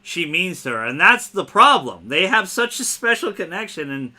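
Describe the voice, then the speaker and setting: Bright-voiced man chatting excitedly. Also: high-pitched, normal speed. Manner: excited, swears freely, retells scenes by quoting lines. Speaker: podcast host. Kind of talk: casual podcast chat.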